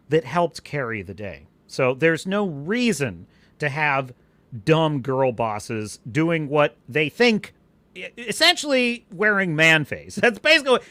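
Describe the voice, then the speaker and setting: A man hosting a live-stream podcast, delivering a scornful, animated rant with bursts of laughter and reading viewer comments aloud. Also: fairly high pitch, dry recording. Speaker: podcast host.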